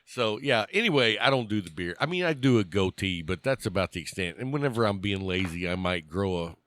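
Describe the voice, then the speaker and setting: A man's voice: fairly low pitch, expressive, fairly quick, a bit bright, no echo, studio quality. A middle-aged man co-hosting a podcast, chatting loosely and joking with lots of fillers after a bourbon. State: has had some bourbon. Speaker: podcast co-host. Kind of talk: casual chat.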